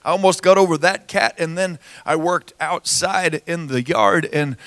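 A hoarse man preaching a sermon in church, drawing out his words, breaking into song and calling out to the congregation. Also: fairly high pitch, no room sound. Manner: slow, drawn-out delivery with rising shouts and sung phrases. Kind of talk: sermon with prayer and singing. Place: church service.

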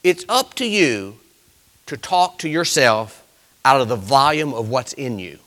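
A male pastor, preaching a folksy sermon full of stories that swells to loud exclamations. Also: medium pitch, very animated, unhurried.

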